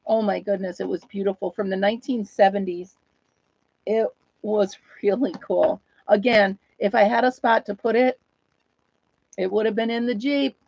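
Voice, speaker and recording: A chatty woman hosts a casual live stream from home, easily amused and quick to laugh. Her voice sits in a middle pitch. The sound is dull and muffled, and the room is dry. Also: fairly even intonation, gravelly, darkish tone, no echo. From United States. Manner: chatty, laughs often, talks to viewers and her dog. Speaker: host of a live chat stream.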